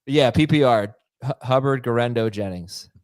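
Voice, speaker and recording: A man hosts a casual podcast panel, reading listener questions in a middle-pitched voice. He talks briskly and upbeat and pushes back when he disagrees. The sound is dry and close. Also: darkish tone, no room sound. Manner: brisk, upbeat, argues his point.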